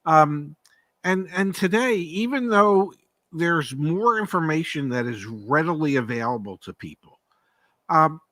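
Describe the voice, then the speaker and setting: Here a man who used to run a car dealership co-hosts a casual podcast chat about the car market. His slightly high voice is expressive and sharp, his pace unhurried, and he leans on rhetorical questions and repeated words for emphasis. No room sound is audible.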